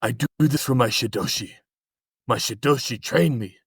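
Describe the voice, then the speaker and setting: A man's voice: medium pitch, normal speed, a bit bright, slightly rough, dry recording, studio quality. A man voicing a solemn old male martial arts master who speaks in clipped broken English, as a comic podcast impression.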